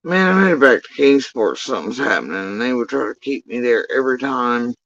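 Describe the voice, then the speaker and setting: A man's voice: medium pitch, big pitch swings, brisk, fairly bright tone, no echo, muffled recording. A man telling a long story in a casual commentary rant, profane, rambling and exasperated.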